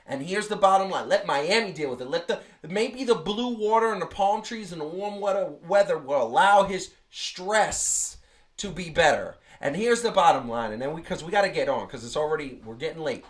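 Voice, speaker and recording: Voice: medium pitch, moderate pace. A sports talk co-host on a live stream who rants with energy and argues hard in casual chat. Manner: animated ranting, mocks people with put-on whiny quotes.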